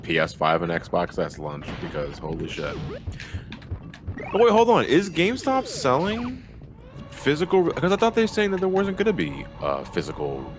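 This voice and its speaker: A man's voice: mid-range voice, big pitch swings, normal speed, over music. A man hosting a gaming livestream, chatting casually and reading out donations with jokes and swearing. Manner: profane, joking and laughing often. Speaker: livestream host.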